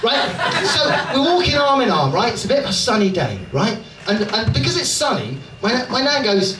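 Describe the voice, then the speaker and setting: A British man performs stand-up in a club, telling stories in a chatty, self-mocking way. His voice is high and bounces all over. The club audio is echoey, caught from a distance, with loud room noise. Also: very animated, brisk, few pauses. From Dorset, England. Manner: chatty, self-mocking, keeps checking in with "right?". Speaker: stand-up comedian. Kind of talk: stand-up crowd work. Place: comedy club stage. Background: audience laughter and room noise.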